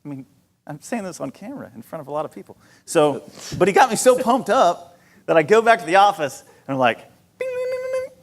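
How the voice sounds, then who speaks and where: A man's voice: on the high side, big pitch swings, quick pace. A man as a talk-show guest telling a self-deprecating story, acting out his own lines. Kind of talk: storytelling interview. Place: church event stage.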